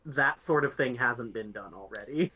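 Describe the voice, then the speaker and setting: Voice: mid-range voice, normal speed, sharp tone, husky. A voice actor guest chatting casually with a dry, joking manner. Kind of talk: casual chat.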